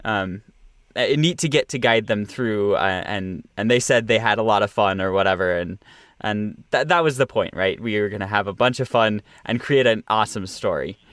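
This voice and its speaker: A man's voice: fairly low pitch, a bit bright, no room sound, studio quality. A young man, an audio producer and director, talking in a casual interview with many fillers and restarts. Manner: halting, many fillers and restarts, laughs often.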